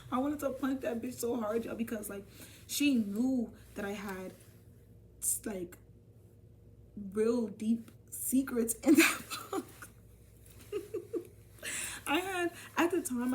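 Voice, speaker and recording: A young woman telling a casual storytime vlog, animated and profane, talking straight to her viewers. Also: mid-range voice, distant mic. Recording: voice from off the mic, faint ambient noise.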